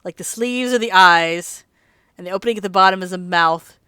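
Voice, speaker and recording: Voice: medium pitch, a little fast, pushed and bright, clear, resonant tone, dry recording. A let's play host rambling in casual gameplay commentary, chatty and laughing often, sleepy and yawning late at night.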